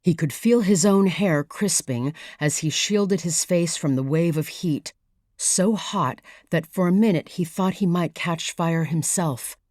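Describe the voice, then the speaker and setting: A woman reads a thriller audiobook in a low, deliberate voice, taking her time over each line. Her measured, even storytelling is close-miked and dry, with no room around it. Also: no echo. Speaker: audiobook narrator. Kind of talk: scripted narration.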